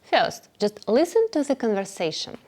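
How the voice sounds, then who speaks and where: A woman teaching beginner English, speaking clearly and patiently and repeating phrases for learners to follow. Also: on the high side, sing-song, moderate pace, a little mellow. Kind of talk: slow instructional narration.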